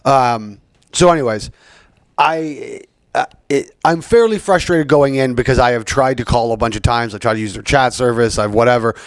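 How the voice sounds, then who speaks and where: A man's voice: medium pitch, moderate pace, no room sound. Podcast host, man, rambling profane rant, dry close sound. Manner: rambling, profane, frequent fillers. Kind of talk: casual rant.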